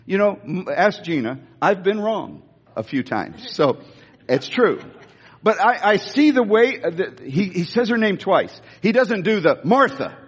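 A man preaching a sermon in an emphatic, animated way, often restarting phrases, recorded with long reverb in a big hall. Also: high voice, a little slow, slightly rough.

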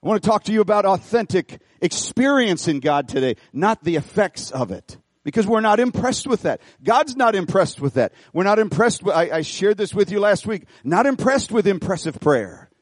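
A middle-aged man pastoring a church, preaching an animated sermon, folksy and full of repeated phrases as he tells a story. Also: high-pitched, moderate pace, few pauses, no room sound, clean studio sound. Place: church auditorium.

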